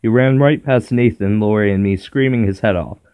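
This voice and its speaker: A man reading a children's horror book aloud in a steady first-person storytelling manner. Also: on the low side, normal speed, smooth. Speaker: narrator.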